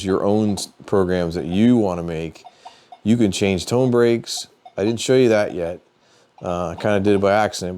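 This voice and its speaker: Man, lowish voice, casual tutorial host, plain-spoken, thinking aloud, faint background hiss. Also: darkish tone. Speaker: metal detecting channel host.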